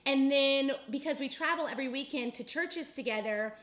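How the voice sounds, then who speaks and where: High-voiced, chatty young woman. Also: moderate pace. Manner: chatty and animated, laughs often. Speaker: ministry vlogger, co-host with husband. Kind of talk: casual chat to camera.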